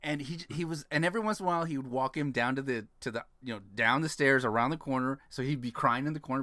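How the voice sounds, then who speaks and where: A swearing, ranting podcast co-host, his voice a notch higher than most men's and bright in tone. It sounds close and dry, with no room around it. He talks in loose casual chat and keeps piling on complaints. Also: no echo. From San Antonio, Texas. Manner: ranting, swearing, laughing between jokes. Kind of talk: casual profane movie chat.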